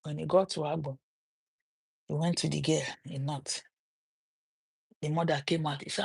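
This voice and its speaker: A middle-aged woman with a Nigerian accent, telling a story on a livestream and turning it into a sermon, with animated quoted voices and preachy asides. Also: low-pitched, moderate pace, vocal fry, long pauses, slightly rough. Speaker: livestream host.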